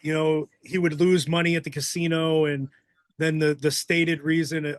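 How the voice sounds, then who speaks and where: A man's voice: on the high side, normal speed, no room sound, studio quality. A man hosting a casual podcast interview, asking loose questions with fillers and restarts. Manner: relaxed, asks questions with many fillers and restarts. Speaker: podcast host.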